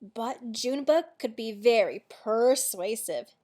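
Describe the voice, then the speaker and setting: Expressive woman reading a picture book. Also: fairly high pitch, slow. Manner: expressive, storytelling. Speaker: read-aloud narrator. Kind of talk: children's picture book read-aloud.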